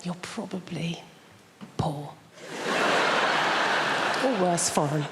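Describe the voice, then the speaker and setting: A woman's voice: on the low side, very slow. A woman from England doing a stand-up comedy set on a theatre stage, wry, self-mocking and conversational. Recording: live theatre hall with loud audience noise.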